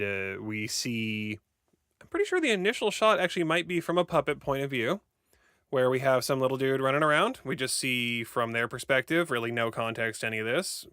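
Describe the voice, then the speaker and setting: A man co-hosting a casual podcast, joking and sarcastic as he rushes through a summary. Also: mid-range voice, pushed and bright, smooth, no room sound, clean studio sound. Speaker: podcast co-host.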